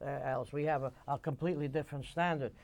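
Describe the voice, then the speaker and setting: A man's voice: medium pitch, fairly even intonation, quick pace, creaky, darkish tone. A man hosting a conversational interview, speaking in long-winded runs and retelling stories at length before he asks his questions. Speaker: interview host.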